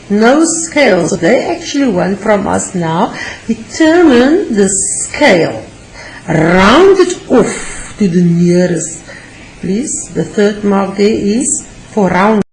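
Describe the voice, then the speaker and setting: A woman's voice: mid-range voice, animated, takes it slowly, reverberant, a little hiss or hum, low-quality recording. A woman teacher giving an exam revision lesson, patient and repeating key words for emphasis, calling her learners loved ones.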